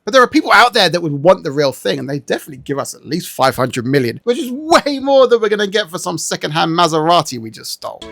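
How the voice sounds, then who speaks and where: A man giving casual, joking reaction commentary, animated and prone to swearing. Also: high voice, fast, vocal fry, hardly any pauses, no echo. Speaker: video reactor.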